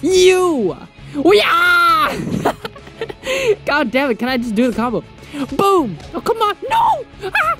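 A young man giving casual gameplay commentary, excitable, yelping, laughing often and swearing freely. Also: very high voice, slow, music in the background. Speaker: gaming channel host.

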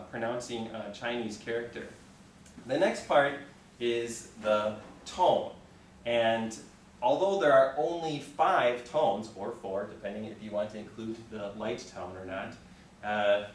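Picked up from far away in an echoey room with slight background noise, a mid-range male voice conducts a call-and-response Mandarin lesson. He has students repeat after him, stays patient, encourages them often, and keeps checking with "okay."

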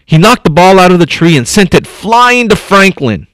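A man whose voice sits high, speaking at normal speed in a dry recording, reads to young children at an elementary school. He is the district superintendent and animatedly pauses between passages to offer comments and thoughts.

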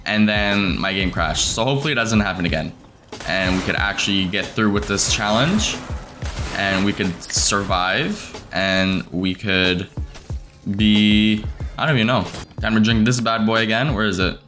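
A young man giving casual commentary over his game, excitable and swearing, breaking into shrieks when he finds something. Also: on the low side, normal speed, faint music behind. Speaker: gaming streamer.

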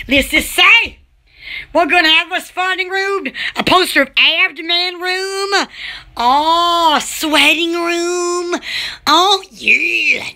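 High, bright, giggly woman. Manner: giggly, silly, blows kisses, many fillers. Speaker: small shop owner promoting her products. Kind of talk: casual live-stream chat.

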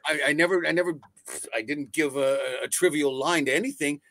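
A man, a voice actor telling stories in a casual interview, animated and swearing freely over a video call. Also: on the high side, brisk, no room sound. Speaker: voice actor guest. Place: home setup on a video call.

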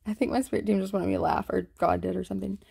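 A woman's voice: medium pitch, fairly even intonation, fairly quick, vocal fry, mellow, slightly rough. Giggly, rambling woman vlogger. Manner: giggly, chatty, trails off often. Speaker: spiritual vlogger showing sky photos. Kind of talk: casual rambling commentary.

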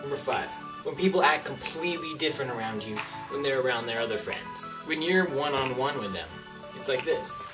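Give me a sarcastic, animated young man ranting on a comedy vlog. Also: mid-range voice, fairly quick, far from the mic. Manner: animated, sarcastic, acts out little scenes. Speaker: vlogger. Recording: slightly off-mic, clear background music.

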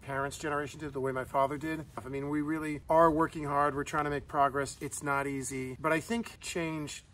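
A man's voice: fairly high pitch, flat delivery, fairly quick, few pauses, a bit bright. A middle-aged man from New York, the host's husband, talking in a plain-spoken, dryly joking way. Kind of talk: casual chat. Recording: distant mic with clear background noise.

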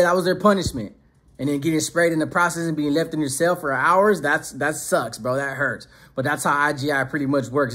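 A husky man with a slightly raised voice tells a gritty story in a casual, streetwise way. His talk is loose and full of slang, and he drops into quoted voices as he goes. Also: a little high, a bit bright. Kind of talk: casual prison story narration.

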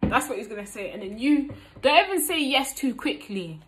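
A woman talks straight to camera about relationships in a frank, playful way. Her voice sits a little high, and she often breaks into laughter as she teases and gives advice. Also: animated, normal speed, a bit bright, a little hiss or hum. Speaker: vlogger giving relationship advice. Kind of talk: casual advice talk to camera.

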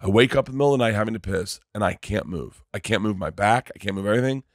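Low-voiced man telling a wild story. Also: no room sound, clean studio sound. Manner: animated, halting storytelling with restarts and swearing. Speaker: guest comedian. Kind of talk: casual podcast storytelling.

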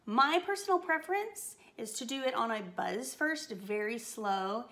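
A woman's voice: mid-range voice, lively intonation, normal speed, gravelly, hardly any pauses, a bit bright. A woman voice teacher giving a singing lesson, upbeat and encouraging as she coaches a phrase.

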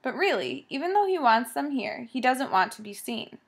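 A woman reading a children's story aloud as narrator, measured and vivid. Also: high voice, big pitch swings, husky. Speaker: audiobook narrator.

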